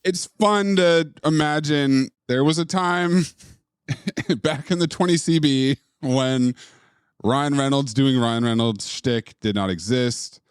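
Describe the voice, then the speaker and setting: A man's voice: medium pitch, slow, clean tone, no room sound, clean studio sound. A man co-hosting a film podcast, wryly running through favorite scenes and his verdict. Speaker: podcast co-host. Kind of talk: casual film review chat.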